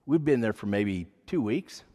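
This man's lowish voice is warm and animated, moving at a moderate pace. He rambles earnestly through a personal testimony delivered as a sermon, with frequent fillers. The sound echoes with hall reverb.

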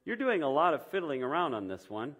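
A man's voice: fairly high pitch, sing-song, fairly quick, a bit bright, voice pushed up. A man voicing a doubtful female angel. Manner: skeptical, questioning.

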